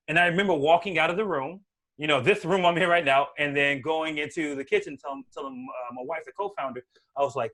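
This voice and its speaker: A man giving casual career advice at an online meetup, talking fast and animated, peppering his talk with "like" and "right?", speaking from a room at home over a video call. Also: on the high side. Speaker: guest speaker, Angular developer.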